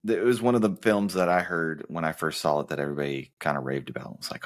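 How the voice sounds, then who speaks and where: A man with an extremely deep voice co-hosts a movie podcast in easy, casual chat. He teases his partner and wanders through long plot summaries. He is from the American South. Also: fairly even intonation, quick pace. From Southern United States. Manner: teasing, rambling plot summaries. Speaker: podcast co-host.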